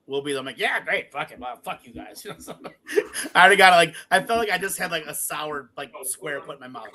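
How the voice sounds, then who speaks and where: A podcast co-host with a slightly high, bright voice and a forceful tone tells a long story during casual chat. He swears freely and acts out the quotes.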